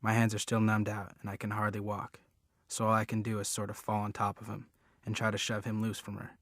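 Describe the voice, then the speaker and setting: A man's voice: on the low side, completely flat delivery, brisk, fairly bright tone, dry recording, clean studio sound. A man reading a novel aloud in first person, in an earnest storytelling manner. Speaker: audiobook reader.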